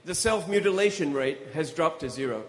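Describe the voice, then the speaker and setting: A man's voice: a little high, expressive, a little fast, in a large hall, lightly acted. A man voicing a prison governor who speaks in a formal, earnest way. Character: grateful middle-aged male prison governor.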